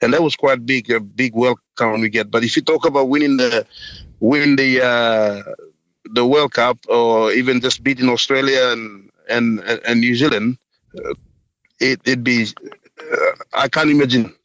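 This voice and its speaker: A man from Papua New Guinea, a guest in a casual interview, talking haltingly with many fillers. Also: mid-range voice, fairly bright tone, no echo, muffled recording.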